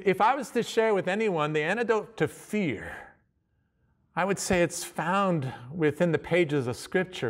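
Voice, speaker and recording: A man preaching a sermon in a conversational way, often restarting phrases and reading scripture slowly. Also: high voice. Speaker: pastor.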